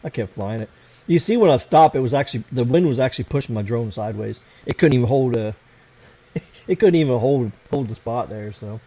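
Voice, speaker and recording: A man's voice: mid-range voice, expressive, a little fast, warm tone, low-quality recording. Rambling, cursing American man on a livestream. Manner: rambling, profane, talks while fiddling with his computer. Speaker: livestream host. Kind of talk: casual livestream chat.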